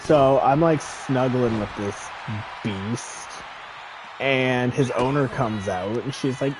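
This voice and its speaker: A man streaming a game, telling stories in a casual, animated way with lots of swearing. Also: medium pitch, slow, noisy background. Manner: animated storytelling, frequent swearing. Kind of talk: casual chat while gaming.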